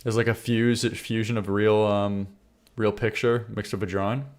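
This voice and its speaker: A male streamer reacts to submissions live, chatting loosely in a low voice with little pitch movement at a moderate pace. He rambles, stammers, restarts sentences and laughs often, with loud music playing behind him.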